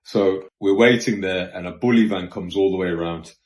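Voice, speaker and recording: A man telling a story in a casual, slangy, animated way, vlog style. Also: low voice, moderate pace. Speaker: vlogger. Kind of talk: storytime monologue. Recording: roomy echo with faint music.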